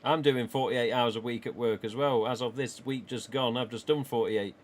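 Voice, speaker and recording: A man's voice: mid-range voice, steady tone, normal speed. A man with an English East Midlands accent, live streaming from a small home office and chatting casually with viewers in a rambling way, laughing often.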